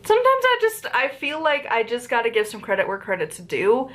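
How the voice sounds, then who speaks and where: A woman's voice: a little high, huge pitch swings, fairly quick, fairly bright tone. A woman with an Appalachian accent, chatting casually and rambling a bit as she reviews a book on her channel. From Appalachian region of the United States. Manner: chatty and rambling, with frequent fillers and tangents.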